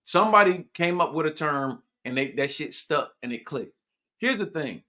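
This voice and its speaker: A podcast host man talking in a casual, profane and preachy way, with sudden loud outbursts. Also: on the high side, lively intonation, moderate pace. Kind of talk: casual live podcast chat.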